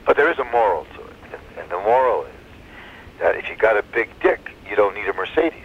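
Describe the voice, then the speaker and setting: Gravelly man rambling through a joke. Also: fairly low pitch, very animated, fairly quick, phone-quality sound, slight background noise. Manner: rambling with restarts and fillers. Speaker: joke teller on community radio.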